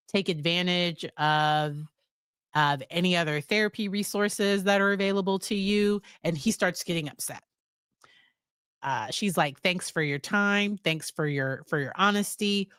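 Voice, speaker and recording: Low, unhurried American woman. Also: fairly bright tone, clear, resonant tone, no room sound, studio quality. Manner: chatty recap with fillers, acts out quotes. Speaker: psychologist reviewing a series. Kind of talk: casual spoken review.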